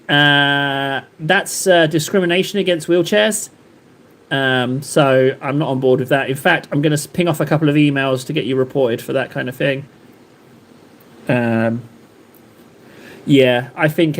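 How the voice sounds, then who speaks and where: A man hosting a livestream, chatting casually and joking with his viewers, rambling with many fillers and restarts. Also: on the high side. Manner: rambling, jokey, lots of fillers and self-interruptions. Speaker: livestream host. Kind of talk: casual chat with live chat readers.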